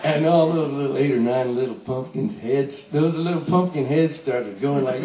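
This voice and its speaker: An older man, a songwriter, telling a comic story on stage in a folksy, animated way, playing out the people he quotes, to a laughing audience. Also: mid-range voice, moderate pace, few pauses, echoey room, far from the mic, background noise.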